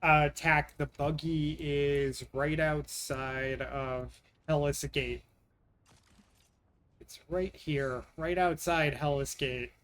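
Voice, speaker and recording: A young man chatting casually on a live stream, his voice sitting a bit high for a man. He vents with exasperation and frequent swearing while answering his viewers' comments. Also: fairly even intonation, takes it slowly, a bit bright, a little hiss or hum.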